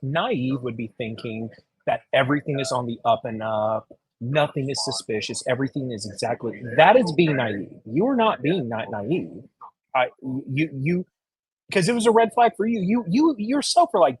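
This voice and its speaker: A man's voice: mid-range voice, lively intonation, moderate pace, darkish tone, slightly rough, no echo, rough recording. A man talking as a guest on a livestream, blunt and profane, retelling stories with animation. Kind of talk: casual livestream chat.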